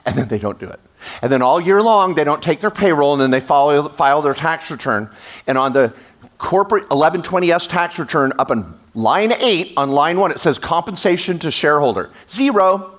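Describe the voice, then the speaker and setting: A man speaking as a tax attorney at a live event, energetic and sarcastic, slipping into quoted voices, on a stage microphone. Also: on the high side, brisk. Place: event stage before an audience.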